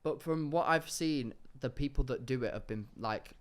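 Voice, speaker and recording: A man's voice: medium pitch, normal speed. A young man co-hosting a podcast in casual, teasing chat, given to mock outrage and swearing. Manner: playful, mock-indignant banter with bursts of swearing. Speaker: podcast co-host.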